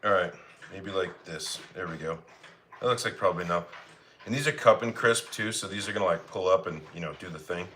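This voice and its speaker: Cooking live, a man from Colorado, United States, keeps up an easygoing chat with his viewers, voicing their comments and answering them. He has a low voice and talks fairly quickly in a bright, forceful tone. A little hiss or hum sits under the audio.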